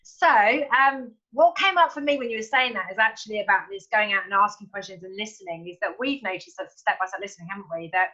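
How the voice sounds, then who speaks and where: A woman's voice: medium pitch, fast talker, few pauses, pushed and bright, muffled recording. A middle-aged woman hosting an interview, asking questions and thinking aloud as she adds her own points. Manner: thinking aloud, with fillers and restarts. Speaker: interviewer and podcast host.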